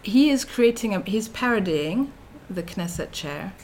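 A woman's voice: medium pitch, animated, a little slow, darkish tone, a little hiss or hum. A middle-aged woman giving an academic lecture as a researcher, speaking thoughtfully with frequent fillers and restarts.

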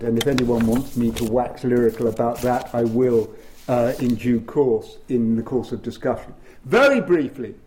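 A man speaking on constitutional law at a panel, emphatic and lively, with frequent fillers. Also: mid-range voice. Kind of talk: lecture-style panel talk.

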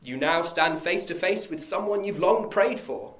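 A man's voice: high-pitched, expressive, normal speed, fairly bright tone, pitched above the performer's own voice. A man voicing a young man who has come home to his sister, earnest and reassuring as he reads a stage scene aloud. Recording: echoey room.

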